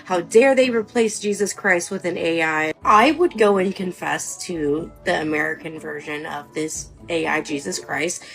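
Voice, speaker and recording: A woman's voice: on the low side, normal speed, gravelly, hardly any pauses, fairly bright tone, soft background music, rough recording. A woman giving playful, sassy commentary in a casual online clip.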